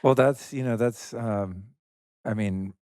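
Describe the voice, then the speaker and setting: A man's voice: lowish voice, takes it slowly, dry recording, clean studio sound. A man hosting a podcast interview, speaking thoughtfully and loosely, with hesitant phrasing. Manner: thoughtful, rambling with fillers, gentle laughs. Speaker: podcast host. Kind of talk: interview conversation.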